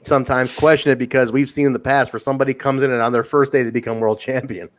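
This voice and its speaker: A man's voice: medium pitch, level tone, quick pace. A man hosting a wrestling podcast, chatting casually, swearing now and then and reading viewer comments aloud. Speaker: podcast host.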